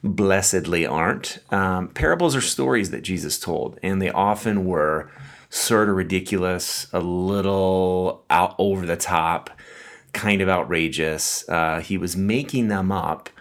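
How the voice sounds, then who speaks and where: Guy with a real low voice giving a sermon, chatty, stops to explain stuff. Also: a little slow. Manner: conversational, explaining with asides. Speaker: pastor.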